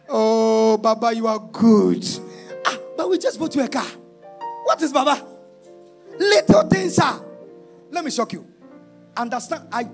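A man preaching a sermon, shouting and half-singing, then dropping to a low confiding tone.

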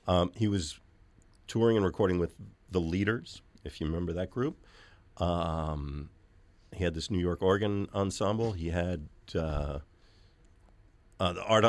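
A man with a low, gravelly voice hosts a radio music show from the studio. He talks in a loose, chatty way packed with fillers, and the recording is dry.

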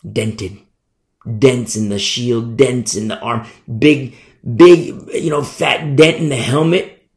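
A man preaching a sermon with fervent emphasis, swinging between loud declarations and hushed asides. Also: mid-range voice, fairly even intonation, takes it slowly. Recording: echoey room.

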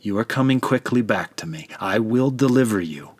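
Male reader as God the Father, low, dry, solemn and tender, measured delivery. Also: animated, husky, no echo. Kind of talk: dramatic scripture narration.

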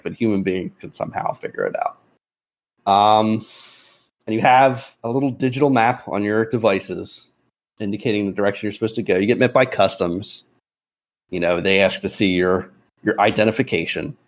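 Relaxed man narrating as game master. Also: lowish voice, normal speed. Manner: relaxed, chuckling, hesitant fillers.

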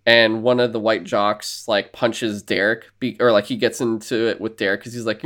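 Animated man retelling a film plot. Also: lowish voice, normal speed, few pauses. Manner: animated storyteller, many filler words, acts out quoted lines. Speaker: podcast co-host. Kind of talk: casual chat, retelling a film.

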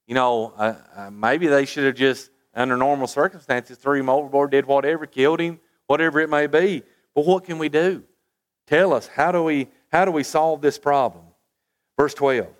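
A man with a medium-pitched voice preaches a sermon at a moderate pace. He reads scripture aloud with rising emphasis, drops into quiet asides, and asks the congregation rhetorical questions.

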